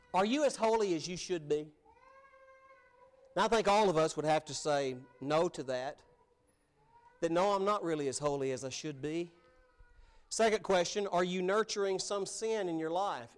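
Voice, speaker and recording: High-voiced earnest male preacher. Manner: earnest preaching, rising to emphatic peaks. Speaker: pastor. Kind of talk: sermon.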